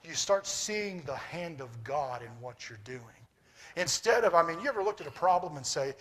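A man preaching a sermon, swinging between shouted exhortation and quiet, chatty storytelling. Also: a little high, expressive, moderate pace.

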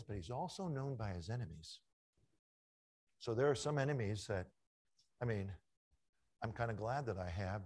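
A middle-aged male preacher delivers a sermon full of anecdotes. He swings from booming, excited retellings down to soft, confiding asides, in a voice of ordinary middle pitch. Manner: lively storyteller, shifts from loud acted quotes to hushed asides. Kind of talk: sermon with stories.

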